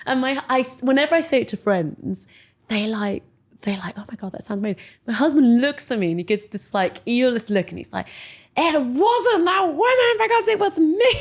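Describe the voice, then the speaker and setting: Animated woman in her forties, chatty storyteller. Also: fairly quick. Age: 40s. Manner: animated storyteller, many "like"s, voices quotes high. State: emotional, near tears. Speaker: podcast guest. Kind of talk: casual interview chat.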